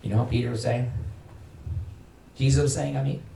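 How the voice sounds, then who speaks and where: Emphatic pastor preaching in an echoey church. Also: male voice, fairly even intonation, fairly quick, creaky, warm tone. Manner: emphatic, rises in pitch and volume for emphasis, acts out quoted voices. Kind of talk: sermon. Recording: echoey hall from far off, faint noise.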